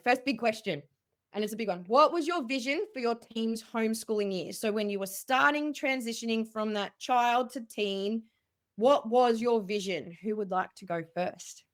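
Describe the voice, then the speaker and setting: A woman hosts a video-call panel discussion with an upbeat, effusive manner. Her voice is fairly high. She keeps the conversation moving warmly. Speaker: host.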